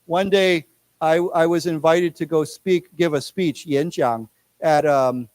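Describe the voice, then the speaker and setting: A man's voice: a little high, fairly even intonation, darkish tone. Chatty American man teaching English. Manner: chatty, repeats words slowly for the class to echo, stammering restarts. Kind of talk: live classroom English lesson. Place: lecture room.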